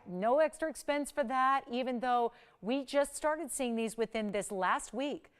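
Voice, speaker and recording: A woman hosting a live shopping channel jewelry segment, delivering an effusive, gushing sales pitch with urgent calls to buy. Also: smooth. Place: TV studio.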